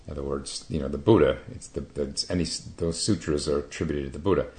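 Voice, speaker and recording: A man giving a Zen dharma talk as teacher, halting, with many hesitations and restarts. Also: a bass voice, fairly even intonation, a little mellow.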